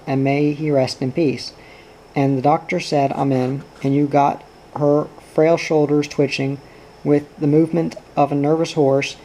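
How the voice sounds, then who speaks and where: A man narrating a novel aloud in a steady, measured reading voice. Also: on the high side, slight background noise, low-quality recording.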